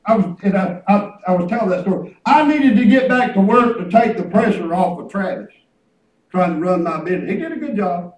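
High-voiced preacher, echoey room. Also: male voice, brisk, recorded from a distance. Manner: folksy, emphatic, repeats himself. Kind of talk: sermon.

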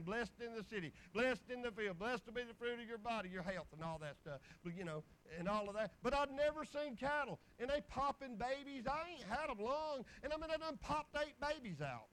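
High-voiced male preacher. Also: a bit bright, low-quality recording. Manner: homespun storytelling with chuckles. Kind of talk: folksy sermon testimony.

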